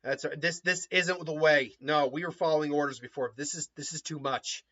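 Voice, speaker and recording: Man as a hesitant young female ninja, bright plain voice. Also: fairly high pitch, normal speed, highs cut off. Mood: conflicted. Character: young kunoichi woman, conflicted and firm.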